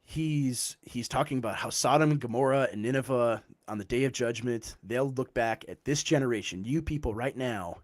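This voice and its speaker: A man's voice: medium pitch, normal speed, few pauses. A man in a casual theological discussion, explaining passages and often checking in with "right?".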